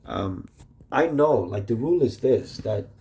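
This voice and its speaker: A man's voice: medium pitch, lively intonation, measured pace, background noise. A man rambling in a casual video message to his wife, swearing often and restarting his sentences with "like". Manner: rambling, profane, full of "like" and restarts. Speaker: vlogger addressing his wife.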